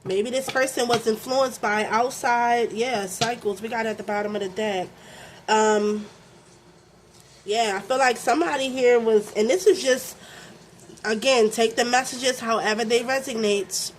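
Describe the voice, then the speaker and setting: A young woman with a Baltimore accent, from Baltimore, USA, does a relaxed tarot reading, peppering it with fillers, curses, and frequent "okay?" check-ins. Her voice is a little high, steady, and unhurried, with a little hiss or hum on the recording.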